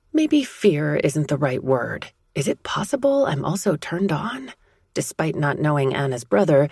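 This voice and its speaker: A woman reading a romance audiobook in a soft, intimate first-person narration. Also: sits low, husky, no room sound, clean studio sound.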